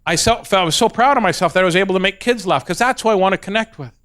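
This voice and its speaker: Quick high-voiced comic guy, tells stories on stage, does the voices. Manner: animated, acts out voices, quick asides. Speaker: comedian. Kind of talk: stand-up storytelling.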